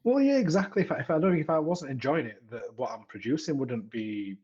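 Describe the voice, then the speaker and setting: A man with a Yorkshire accent chats casually on a podcast, doubling back and repeating words as he goes. His voice is husky, and the recording sounds muffled and lo-fi. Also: a little high, expressive, brisk, a little mellow. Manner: chatty, frequent restarts and repeated words. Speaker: podcaster and tech content creator.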